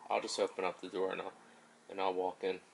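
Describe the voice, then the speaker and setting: A man's voice: low voice, little pitch movement, fast, creaky, slight background noise. A man playing a tabletop game, casually describing his character's actions. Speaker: player.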